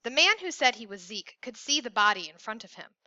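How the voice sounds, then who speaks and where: A woman narrating a suspense story in a measured, even reading. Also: a little high, dry recording. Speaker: audiobook narrator. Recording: dull lo-fi recording.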